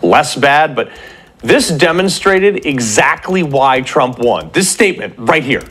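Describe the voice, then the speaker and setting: A man's voice: medium pitch, very animated, a little slow, a bit bright, breathy edge. Fiery male political commentator. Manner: combative, rhetorical, repeats phrases for punch. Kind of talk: fiery opinion monologue.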